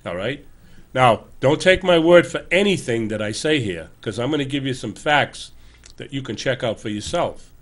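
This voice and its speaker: A man's voice: mid-range voice, lively intonation, normal speed. A man in his sixties hosting a show, giving an emphatic, earnest political commentary monologue in a loose, conversational way, often correcting himself as he goes. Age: 60s. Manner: earnest, emphatic, urging listeners. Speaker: show host.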